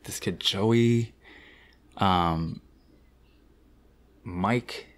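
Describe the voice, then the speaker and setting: A man guesting on a podcast, telling an animated, slangy anecdote about his riding career. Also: deep voice. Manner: fast-talking. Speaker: guest BMX rider. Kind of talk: casual storytelling.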